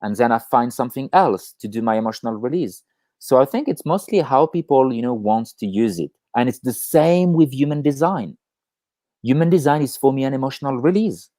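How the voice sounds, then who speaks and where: Lively, animated man on a call. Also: mid-range voice, fairly quick, dry recording. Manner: animated, swears freely, acts out inner voices. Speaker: podcast co-host. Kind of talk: casual chat on a call. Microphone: video call.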